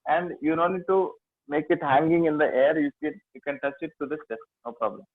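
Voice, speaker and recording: A man with an Indian accent teaching a yoga class, giving halting instructions with many fillers. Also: on the high side, dry recording. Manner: slow, halting instructions with many fillers, chanting and singing tones. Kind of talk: guiding a mudra and mantra class. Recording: dry, phone-like lo-fi sound.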